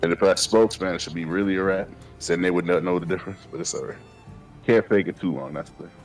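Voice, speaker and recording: A man's voice: low voice, quick pace, soft background music. A man casually telling stories while gaming on a stream, laid-back and profane, laughing often. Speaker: streamer co-host.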